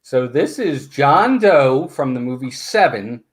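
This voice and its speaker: Host, male, lively pitch, chatty live-stream banter, counts votes aloud. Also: takes it slowly. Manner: animated, counts votes aloud, greets viewers. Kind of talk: casual live-stream chat.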